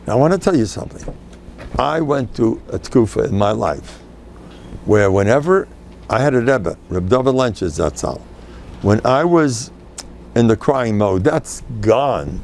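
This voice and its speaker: An older man giving an informal, animated Torah class as a rabbi, sprinkling Yiddish and Hebrew phrases. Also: medium pitch, unhurried, creaky, a little hiss or hum.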